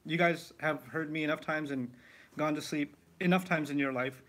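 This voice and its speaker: A man teaching the Quran in a live question-and-answer session, explaining with lively asides and rhetorical questions. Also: fairly high pitch, normal speed. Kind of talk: live Q&A lesson.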